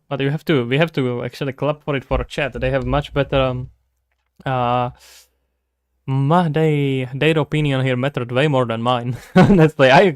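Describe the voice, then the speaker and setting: A man's voice: medium pitch, no room sound, studio quality. A man from the Czech Republic, a native Czech speaker with a Czech accent, chatting casually and joking as he thinks aloud while streaming his game development. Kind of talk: casual livestream chat.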